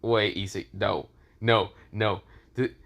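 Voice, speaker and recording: A man's voice: fairly low pitch, fairly even intonation, takes it slowly, gravelly, fairly bright tone. A man casually narrating a fan story, rambling and leaning on the same fillers again and again. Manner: rambling, repeats fillers often.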